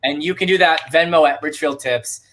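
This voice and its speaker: A man's voice: a little high, brisk, fairly bright tone, a little hiss or hum. A man co-hosting a livestream bingo show, upbeat as he asks for tips and thanks supporters. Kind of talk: casual livestream chat.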